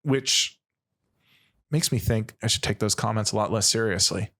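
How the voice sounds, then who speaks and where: A man's voice: lowish voice, moderate pace, a bit bright. A man who hosts a podcast about workers' rights. He chats casually, comments on his guest's stories and reacts often. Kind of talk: casual interview.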